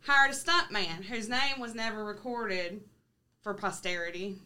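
A woman's voice: medium pitch, a little slow, sharp tone. A woman co-hosting a podcast, telling a story in casual chat, swearing freely, joking and laughing often. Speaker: podcast co-host.

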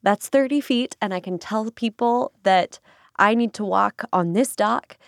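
A woman co-hosting a podcast answers in a warm, affirming way. She sits close to the mic in a dry space with hardly any room sound. Her pitch is in a middle range. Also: unhurried, creaky, dry recording. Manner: supportive, affirming. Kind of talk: casual chat.

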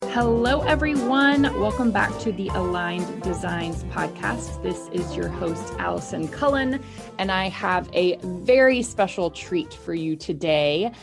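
A woman's voice: lowish voice, animated, a little slow, gravelly, music in the background. An enthusiastic American woman, hosting and introducing a guest. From United States. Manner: bubbly, enthusiastic. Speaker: podcast host. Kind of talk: casual podcast introduction.

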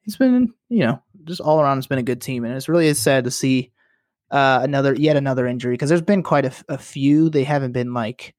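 Relaxed young man, casual sports chat. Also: mid-range voice, fairly quick, dry recording, clean studio sound. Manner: relaxed, agreeable, says "like" and "you know" a lot. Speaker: podcast co-host.

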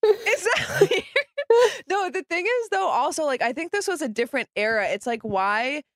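A woman hosting a casual chat, reacting often with laughs and quick asides. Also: high voice, lively intonation, fairly bright tone, no room sound, studio quality.

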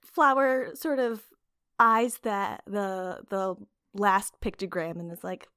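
A woman's voice: mid-range voice, fairly even intonation, slow pace, fairly bright tone, clean tone. A woman playing a tabletop game, joking and bantering playfully. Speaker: player.

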